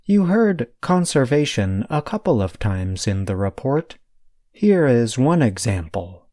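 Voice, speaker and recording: A man reading a scripted vocabulary lesson as the podcast's teacher, explaining each point carefully and deliberately. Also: mid-range voice, big pitch swings, mellow, no echo, studio quality.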